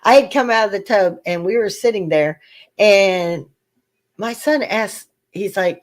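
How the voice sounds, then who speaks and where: Older woman hosting a chat show, lively storyteller who acts out voices. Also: medium pitch, measured pace. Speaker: channel host. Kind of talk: casual chat.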